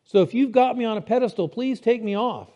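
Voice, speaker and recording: A man's voice: very high voice, a little fast, dark tone. A man preaching a sermon in a conversational way, explaining step by step and asking his listeners rhetorical questions.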